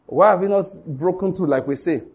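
A man's voice: high voice, a little fast, a little mellow, breathy edge. A man preaching a sermon, emphatic and repetitive, often asking the congregation whether they follow.

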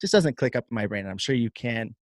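A man's voice: medium pitch, animated, fairly quick, no room sound. Earnest man on a dry mic. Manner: candid and earnest, restarts often. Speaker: gym owner and coach. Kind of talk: casual podcast chat.

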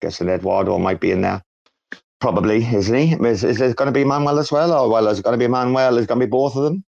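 A man's voice: medium pitch, fast, gravelly, darkish tone. A British man co-hosting a casual online chat, joking, teasing and swearing a lot. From Britain. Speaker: co-host. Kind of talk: casual banter on an audio chat space. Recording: dull lo-fi audio.

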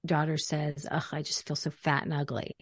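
Expressive middle-aged woman coach, lowish voice. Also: moderate pace, slightly rough, dry recording, clean studio sound. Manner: expressive, acts out quotes in animated voices. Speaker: parenting coach. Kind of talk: casual conversational talk.

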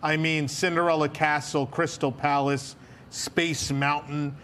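A man co-hosting a casual podcast chat, animated and laughing often. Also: a little high, a little slow, slight background noise. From New York area. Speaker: podcast co-host.

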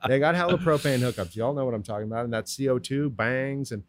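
A man's voice: medium pitch, quick pace. A man as a podcast guest, telling stories in casual, slang-heavy chat with lots of swearing. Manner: laid-back slangy storyteller, heavy swearing.

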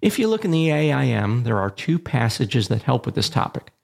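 A man hosting an instructional show on aviation radio communication, reading a measured, plain script with a dry touch of humor. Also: mid-range voice, very animated, creaky, a little mellow. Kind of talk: scripted educational narration.

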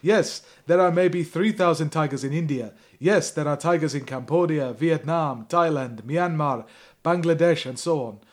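A man's voice: fairly high pitch, moderate pace, lightly acted. A man putting on a pompous Russian president with a mock accent. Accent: put-on Russian. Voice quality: mock-Russian voice that keeps breaking into laughter. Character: stern Russian male president, formal and grandiose. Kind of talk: comic reading of a thriller novel.

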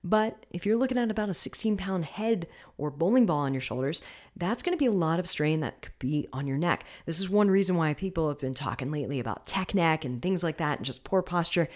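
A woman's voice: lowish voice, lively intonation, brisk, a little mellow. A woman hosting her own podcast, talking casually and coaching her listeners, often checking in with them. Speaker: podcast host. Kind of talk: casual solo podcast talk.

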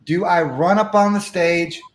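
Animated high-voiced man telling a story. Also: a little slow, echoey room. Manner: animated, acts out dialogue. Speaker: guest speaker. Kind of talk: storytelling in an interview.

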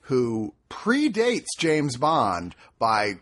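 A man hosts a podcast in loose casual chat, his voice a little husky. His pitch swings widely as he rambles, restarts and swears. He sounds animated throughout. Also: very slow. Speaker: podcast host.

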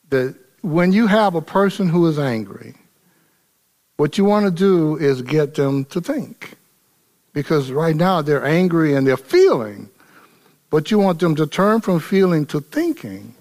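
Animated preacher man, high lively voice. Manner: animated, acts out dialogue with rising intensity; casual, folksy phrasing. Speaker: pastor. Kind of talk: sermon.

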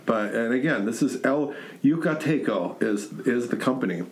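Male podcast co-host, casual and teasing, laughs a lot, animated pitch, mouth on fire from hot sauce. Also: unhurried. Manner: jokey, laughs often, teasing. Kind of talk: casual chat.

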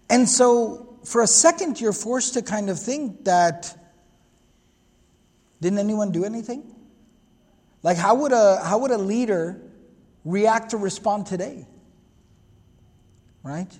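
A man's voice: sits high, a little mellow, long reverb tail. A man giving an earnest religious history lecture, explaining at length and quoting Arabic passages. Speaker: Islamic lecturer.

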